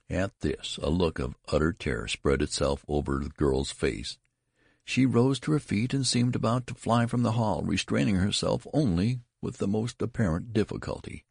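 A man narrating a story in an expressive audiobook reading, voicing each character. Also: deep voice, normal speed, vocal fry, breathy edge, no echo, clean studio sound.

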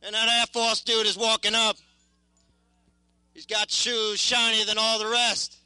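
A young man in his twenties, a war veteran, giving impassioned spoken testimony in an intense, halting, repetitive way. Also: high voice, flat delivery, sharp tone, clean tone, no echo, poor audio.

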